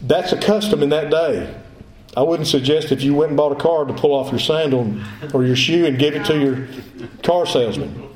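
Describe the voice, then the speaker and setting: A man's voice: fairly high pitch, moderate pace, a little mellow. A male pastor preaching a sermon, emphatic, repeating his phrases as he builds his point. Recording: echoey room.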